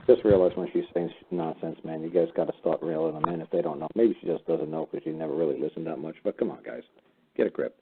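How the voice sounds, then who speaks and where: A man's voice: very deep voice, steady tone, fast, slight background noise. A man hosting a call-in radio show, blunt and profane, lecturing callers. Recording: phone-like narrow sound.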